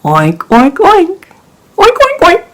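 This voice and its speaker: A storyteller voicing a stubborn farmer who answers everything with high squealing oinks. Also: huge pitch swings, slow, fairly bright tone, exaggerated voice. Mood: feigning madness. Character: stubborn farmer grunting like a pig.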